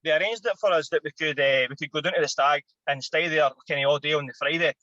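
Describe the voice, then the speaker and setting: A Scottish man in his thirties, a former footballer and podcast guest, telling an animated, sweary anecdote. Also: a little high, fast talker, no echo, muffled recording. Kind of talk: casual storytelling.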